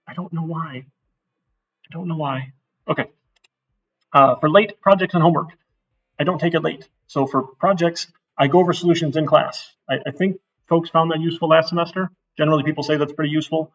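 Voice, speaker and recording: A man's voice: on the high side, vocal fry, fairly bright tone, recorded from a distance, muffled recording. A middle-aged man giving a casual, blunt course intro lecture to a class, getting worked up as he talks. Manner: blunt, chatty, gets worked up. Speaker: university instructor.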